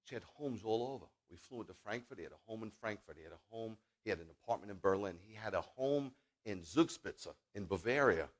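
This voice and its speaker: Animated, jokey male rabbi preaching. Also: on the low side, fairly quick, few pauses. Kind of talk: sermon with personal storytelling.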